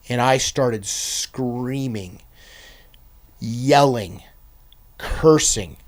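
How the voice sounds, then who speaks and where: Man telling an intense personal testimony. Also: mid-range voice. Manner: earnest, intense, shifting between loud and hushed. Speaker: podcast guest.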